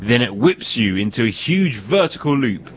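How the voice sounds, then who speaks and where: A man presenting a documentary, narrating and interviewing with lively enthusiasm. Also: mid-range voice, normal speed, raised voice. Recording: slightly muffled with faint noise.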